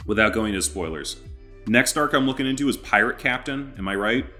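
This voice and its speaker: A man hosting a relaxed podcast conversation. He jokes around and laughs easily as he talks. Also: medium pitch, brisk, faint music behind. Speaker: podcast host. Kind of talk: casual chat.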